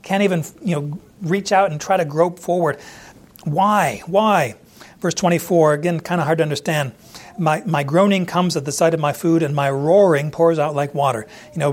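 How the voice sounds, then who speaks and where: A man teaching through a Bible passage verse by verse in a conversational way, acting out the quoted speakers as he goes. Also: a little high. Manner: conversational, acts out quoted lines with restarts.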